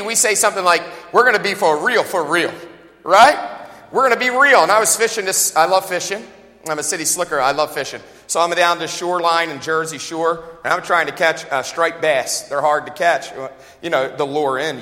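Fast-talking pastor in a reverberant hall. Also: male voice, on the high side, bright, forceful tone. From United States. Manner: fast-talking, joking, conversational preaching. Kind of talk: sermon.

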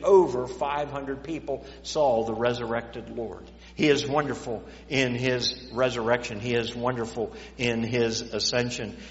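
A man preaching a sermon in a church, repeating words as he stammers and rising and falling in volume. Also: medium pitch. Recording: echoey dull church hall recording.

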